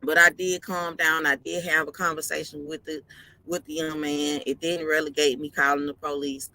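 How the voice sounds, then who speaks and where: A woman's voice: low voice, flat delivery, normal speed, bright, forceful tone, poor audio. A woman truck driver talking casually on a live stream from inside her parked truck cab, tired and yawning, earnestly repeating her advice.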